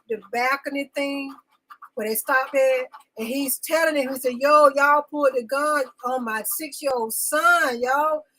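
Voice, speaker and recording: Over poor audio, a woman with a high-pitched, slightly bright voice vents emotionally while hosting a live talk show segment streamed live. Insistent, she repeats herself for emphasis and calls out viewers by name.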